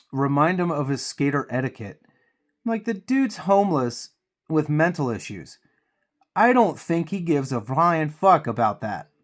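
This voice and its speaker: A man with a cold, venting heatedly and profanely while he paints miniatures on his channel. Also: a little high. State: congested with a cold.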